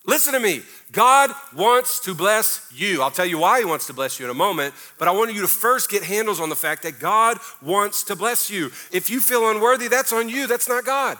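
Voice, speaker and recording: Bright-voiced emphatic male pastor preaching. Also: high voice, lively intonation, normal speed, few pauses. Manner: emphatic, conversational preaching with mock-prayer asides. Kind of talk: sermon.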